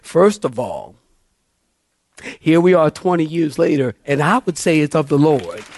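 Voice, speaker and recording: A middle-aged man, a pastor, telling a story in a sermon, animated and acting out the dialogue. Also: a little high, unhurried, dry recording. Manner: animated, acts out dialogue in a raised voice.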